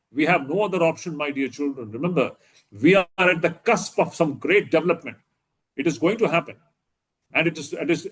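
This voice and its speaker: Earnest Indian monk giving a lecture. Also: male voice, a little high, slightly rough. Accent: Indian English. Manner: earnest, pleading, emphatic appeals with repetitions. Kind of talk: inspirational lecture.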